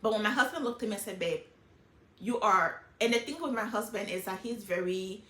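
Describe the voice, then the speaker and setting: A middle-aged woman talking casually and emotionally about her life, in an animated, hyper way. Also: medium pitch, fairly quick, reverberant. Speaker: vlogger sharing life lessons. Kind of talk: casual personal talk.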